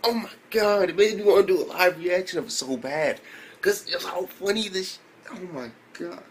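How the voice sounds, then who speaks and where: A young man reviewing an anime episode in a casual, excitable way, swearing a lot and breaking into loud exclamations. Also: sits high, a little fast, slight background noise. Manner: excitable, profane, full of fillers and loud exclamations.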